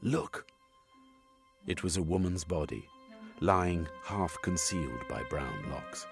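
A man reading scripted narration for an audiobook with expressive, varied intonation. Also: a bass voice, unhurried, gravelly, over music.

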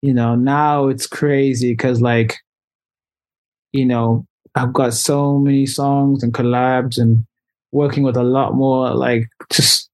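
Young male guest, casual storyteller, loose and lively, average pitch. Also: takes it slowly. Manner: animated, loose, heavy use of "like". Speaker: musician guest.

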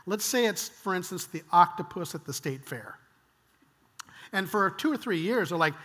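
An older male pastor delivers a sermon in a high, bright voice. He talks conversationally and acts out quoted lines, sometimes dropping to a hushed whisper. The sound carries the long reverb of a church hall. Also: lively intonation, normal speed.

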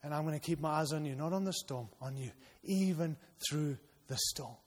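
A male pastor preaching a sermon to his church, urging loudly at times and dropping to quiet intensity at others. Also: a little high, moderate pace. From outside the United States. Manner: impassioned, swings between loud urging and quiet intensity. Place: church hall. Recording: long reverb of a large hall.

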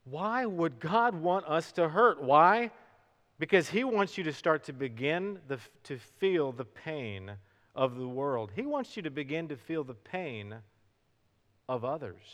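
A middle-aged male pastor preaching a sermon, swinging from hushed to loud and stretching out words for emphasis. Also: on the high side. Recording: long hall reverb.

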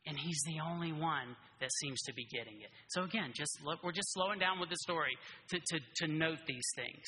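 A man preaching a casual, animated sermon who keeps checking in with his listeners by asking "right?". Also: a little high, a little fast. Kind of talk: conversational sermon. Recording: reverberant hall.

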